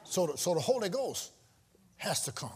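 A man preaching a sermon to a live congregation, calling out questions, teasing the listeners and rising into shouts. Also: sits high, sing-song, moderate pace, breathy edge. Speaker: pastor. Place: church before a live congregation.

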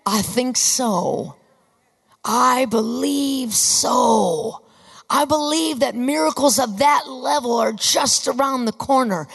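A woman preaching a sermon with fervor, often rising to emphatic shouts. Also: high-pitched, creaky. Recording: long reverb of a large hall.

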